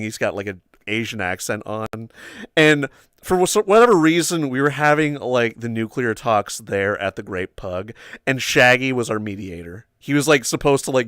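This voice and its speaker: A young man hosting a casual livestream, telling a story in a loose, rambling way full of fillers. His voice sits at an ordinary pitch and is recorded dry and close. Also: moderate pace, fairly bright tone, clean tone, no room sound. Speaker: livestream host.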